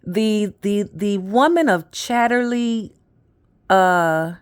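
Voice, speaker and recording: A woman's voice: mid-range voice, slow pace, clear, resonant tone. A woman in her fifties telling stories in a casual, rambling monologue, often trailing off with fillers. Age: 50s. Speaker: vlogger.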